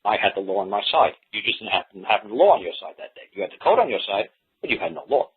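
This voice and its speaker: A man hosting a call-in talk show, telling stories in an animated way and acting out the people in them. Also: lowish voice, fast talker, slightly rough. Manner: animated storytelling, swearing, acting out others. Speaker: host. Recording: tinny phone line.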